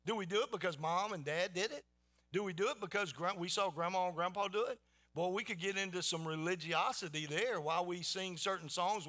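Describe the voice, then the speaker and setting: A pastor preaches to his congregation, telling a homely story with loose, repeated starts. His voice sits a little high and rings bright and forceful. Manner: folksy storytelling with many restarts. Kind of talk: sermon.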